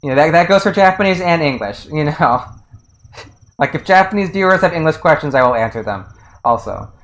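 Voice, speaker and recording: A man's voice: on the high side, lively intonation, a little fast, a bit bright, rough recording. A man streaming and casually commenting on a game translation, rambling with lots of restarts and fillers and chuckling often.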